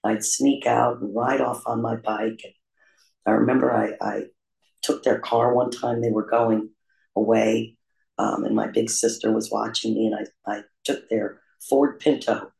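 A man candidly telling his own recovery story in a confessional, self-deprecating way, with frequent pauses and "um" fillers. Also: fairly low pitch, level tone, vocal fry, a little mellow. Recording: roomy echo.

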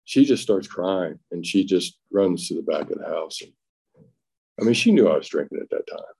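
A middle-aged man giving plainspoken personal testimony at a recovery meeting, with halting restarts and acted-out quotes. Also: deep voice, expressive, vocal fry, dark tone, slightly rough. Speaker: recovery speaker sharing his story.

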